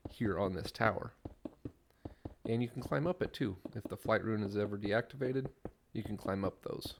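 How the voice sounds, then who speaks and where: A man giving relaxed, rambling commentary while playing a building game. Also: on the low side, vocal fry, slight background noise. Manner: slow, rambling, easygoing. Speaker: Minecraft player.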